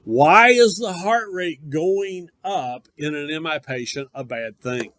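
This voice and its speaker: A man's voice: a little high, expressive, takes it slowly, fairly bright tone. A man teaching a paramedic class, speaking emphatically and conversationally and addressing his students directly. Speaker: paramedic course instructor. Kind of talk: classroom lecture.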